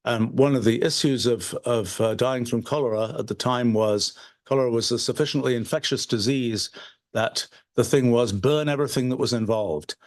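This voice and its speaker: A man giving an unscripted livestream lecture, thinking aloud with frequent restarts and fillers. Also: medium pitch. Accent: British. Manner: halting, many restarts and fillers. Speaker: presenter of a livestreamed talk.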